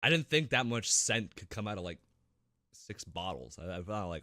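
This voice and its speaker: A man co-hosting a gaming podcast in casual chat, animated and profane, often laughing. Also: fairly low pitch, moderate pace, no echo, studio quality. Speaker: podcast co-host.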